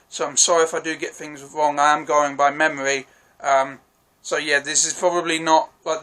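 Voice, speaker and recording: A young man talks through a TV episode in a casual solo vlog. His voice sits a little high and sounds bright and tense, and he rambles eagerly with frequent self-corrections and apologies. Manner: enthusiastic, rambling, swears freely. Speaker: TV episode reviewer.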